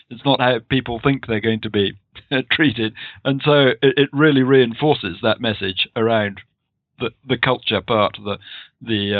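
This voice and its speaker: Male host with halting restarts, phone-like sound. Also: medium pitch, dry recording. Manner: affirming, finishes the guest's points, halting restarts. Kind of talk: interview conversation. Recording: tinny phone-like line.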